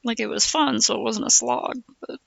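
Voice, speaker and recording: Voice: medium pitch, fairly even intonation, moderate pace, gravelly, a bit bright, no room sound. A streamer chatting casually, rambling through asides and laughing often. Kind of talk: casual chat.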